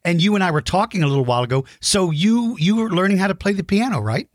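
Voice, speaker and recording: Low-pitched woman, lively, teasing. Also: quick pace, no room sound, studio quality. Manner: teasing, jokey, bursts into silly high sound effects. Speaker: host. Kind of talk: playful chat with a child guest. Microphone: video call.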